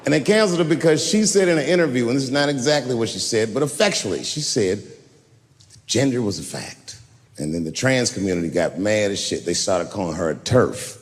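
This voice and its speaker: A man doing a stand-up storytelling set, animated and lively, acting out the other characters in his stories. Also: mid-range voice, fast, hardly any pauses. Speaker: stand-up comedian. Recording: reverberant hall, faint hiss.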